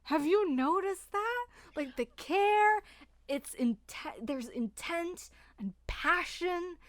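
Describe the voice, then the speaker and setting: A woman co-hosting a book podcast in casual chat, animated, laughing and swearing freely. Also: very high voice, takes it slowly, no echo. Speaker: podcast co-host.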